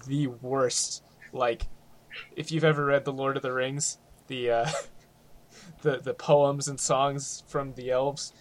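A man's voice: mid-range voice, little pitch movement, slow. A man playing a tabletop role-playing game, describing his character with stammers, restarts and frequent laughter. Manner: hesitant, stammering, laughs often. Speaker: player.

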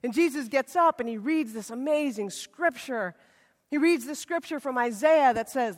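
A woman preacher tells a scripture story in a casual, animated sermon. Her voice sits high. A long reverb trails her words around the worship hall. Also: moderate pace.

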